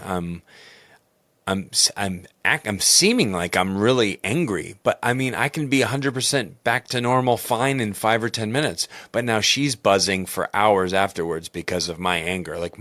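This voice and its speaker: A man, a baseball coach and podcast host, talking candidly and in a rambling, self-critical way in a loud booming voice. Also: no room sound. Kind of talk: personal reflective podcast talk.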